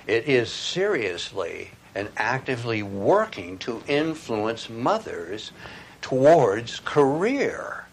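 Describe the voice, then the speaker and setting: A man's voice: medium pitch, a little hiss or hum. A man preaching a sermon in an emphatic way, asking rhetorical questions.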